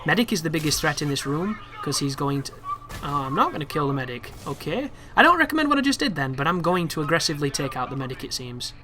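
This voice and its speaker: A man's voice: fairly high pitch, fast talker, few pauses, background noise. A man giving casual walkthrough commentary over gameplay, chatty and prone to exasperated asides. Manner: chatty, with exasperated, animated asides about the game.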